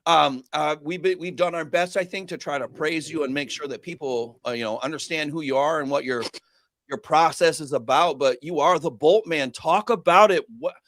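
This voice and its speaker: Excitable man hosting a livestream, dry sound. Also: on the high side, moderate pace, dry recording. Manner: excitable, swearing, hype-man banter. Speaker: livestream host. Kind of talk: casual livestream chat.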